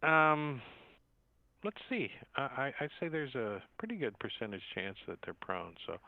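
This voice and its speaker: Male game master, laid-back and rambling, lively pitch, thin phone-line sound. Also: measured pace, creaky, dry recording. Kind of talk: narrating a tabletop game over a voice call. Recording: tinny, dry phone-like line.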